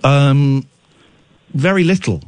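A man's voice: mid-range voice, slow, smooth. A male radio host on a late-night phone-in show, playful with callers and then candid and reflective. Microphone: studio microphone.

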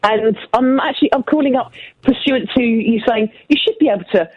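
A woman's voice: fairly high pitch, a little fast, slightly rough, no echo. A woman calling in to a radio show, speaking hesitantly with fillers. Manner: hesitant, with fillers and small laughs. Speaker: caller. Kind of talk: phone-in chat. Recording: dull phone line.

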